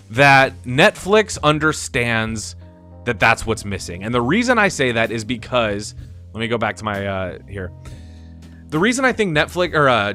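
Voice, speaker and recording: Young man, stream host, bright voice, rambling and excited, faint music behind. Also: mid-range voice. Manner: enthusiastic, rambling, laughs and swears often. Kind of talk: casual live-stream commentary.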